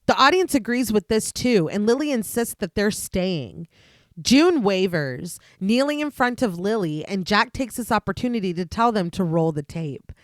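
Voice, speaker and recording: A woman co-hosting a podcast, narrating a detailed film plot recap in a steady voice. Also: mid-range voice, normal speed, no echo, clean studio sound. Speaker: podcast co-host.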